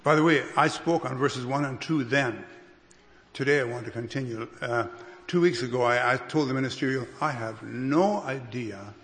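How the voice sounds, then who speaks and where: A man preaching a sermon as a pastor, unhurried, with restarts and careful emphasis. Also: mid-range voice, fairly even intonation, a bit bright. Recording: long reverb of a hall.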